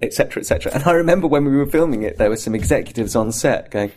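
Male actor guest, mid-pitch, animated raconteur, casual anecdotes. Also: racing. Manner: animated storyteller, acts out scenes. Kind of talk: casual anecdotal interview talk.

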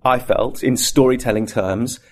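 Lively actor telling backstage stories. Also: male voice, mid-range voice, a little slow. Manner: animated storyteller, acts out scenes. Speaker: actor, interview guest. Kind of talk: casual anecdotal interview talk.

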